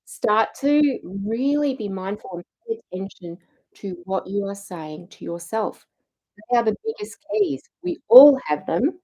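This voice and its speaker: A woman's voice: medium pitch, sing-song, unhurried, dark tone, rough recording. A middle-aged woman coaching a challenge group on mindset, earnest and encouraging, acting out inner self-talk.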